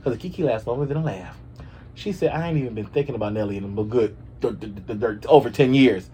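A man hosting a casual gossip show, sassy and animated, often swooping up into high squeals. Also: quick pace, breathy edge. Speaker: host.

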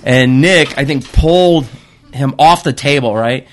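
A middle-aged father on a casual podcast, telling stories animatedly, swearing and loudly acting out what people said. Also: mid-range voice, a little slow. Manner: animated, swearing storyteller who acts out quotes loudly. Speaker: guest father. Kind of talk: casual storytelling chat.

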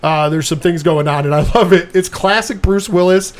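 A man with a slightly raised pitch hosts a casual movie review podcast. He recounts scenes in an animated way, acting out lines and cursing freely. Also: normal speed. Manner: animated retelling with swearing and quoted lines. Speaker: podcast co-host.

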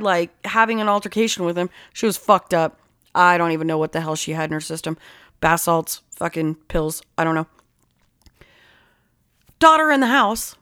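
Profane, animated woman telling a story. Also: medium pitch. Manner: heavy swearing, animated storytelling. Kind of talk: casual chat.

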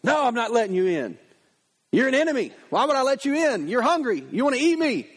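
A man's voice: very high voice, sing-song, brisk, heavily acted. A man voicing a frightened young male pig brother in a spoken storybook retelling, indignant and pleading. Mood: fearful.

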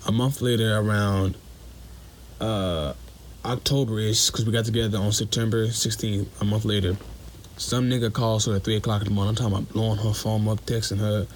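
A man's voice: lowish voice, fairly even intonation, a little fast, a little hiss or hum. Blunt young man telling his story. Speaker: caller.

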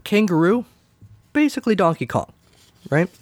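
A man's voice: high voice, very animated, normal speed, no room sound. A man hosting a podcast, talking casually in a wry, sarcastic way. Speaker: podcast host. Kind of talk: casual solo commentary.

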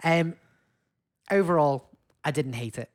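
A man's voice: fairly high pitch, unhurried. A man from Wigan with a Northern English accent, chatting casually as a podcast co-host, rambling and hesitant with lots of fillers. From Wigan, England. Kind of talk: casual chat.

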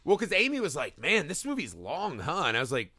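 A man co-hosting a casual podcast, reviewing a horror film with excited, profane enthusiasm and little acted-out bits. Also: a little high, no echo. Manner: excited, profane, acts out scenes in quick bursts. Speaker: podcast co-host.

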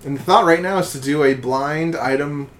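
A man's voice: fairly high pitch, normal speed, a bit bright, slight background noise. A man co-hosting a casual podcast chat, laid-back and chuckling between remarks. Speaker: podcast co-host.

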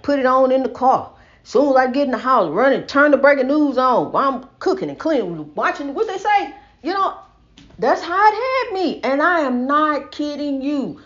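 An older woman with a high-pitched voice, heard through dull audio, delivers an impassioned spiritual monologue. She rambles and preaches, repeating her points with heavy emphasis.

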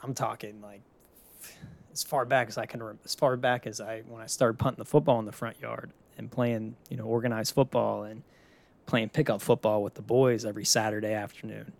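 A man's voice: fairly low pitch, little pitch movement, fairly quick, creaky. Casual young man chatting solo. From Pittsburgh area. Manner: loose, chatty, swears casually. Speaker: podcast host.

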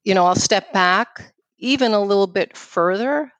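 A woman in her fifties with a New York accent, a guest speaking in an outspoken, quick, casual way with lots of "you know.". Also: mid-range voice, a bit bright, dry recording. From New York City. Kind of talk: casual interview conversation.

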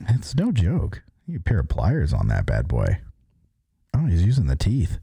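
A man's voice: deep voice, wildly swooping pitch, normal speed, vocal fry, dark tone, breathy edge. A man co-hosting a podcast, chatting casually and trading crude, joking banter. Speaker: podcast co-host. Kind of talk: casual chat.

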